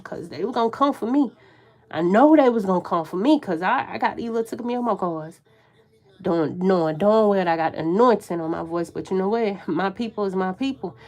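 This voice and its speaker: A woman with a country Southern accent doing a live tarot reading, loud and profane, often laughing and stumbling over her words. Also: mid-range voice. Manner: profane, slangy, self-interrupting. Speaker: tarot reader.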